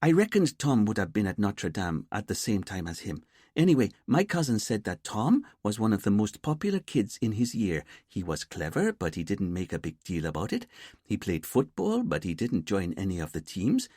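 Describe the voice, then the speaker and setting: Storybook figure: an eager, chatty young male police constable, as a male narrator puts him on. His voice is a touch husky, with lively pitch, in a dry close recording. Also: normal speed, no echo.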